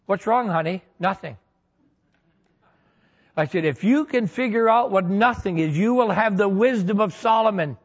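A man's voice: sits high, lively intonation, normal speed, pauses often, muffled recording. A pastor preaching a sermon, telling homely stories with humor to make his points. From Michigan. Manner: folksy storytelling with humor.

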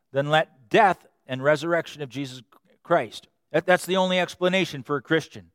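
A man preaching a sermon with lively swings between loud emphasis and quiet tenderness. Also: mid-range voice, no room sound, clean studio sound. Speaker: pastor.

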